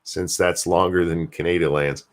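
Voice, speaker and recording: A low, steady-toned voice at a moderate pace comes from an older American man, a grandfather hosting a live stream alone. He reads messages from viewers aloud and rambles in casual chat, swearing freely.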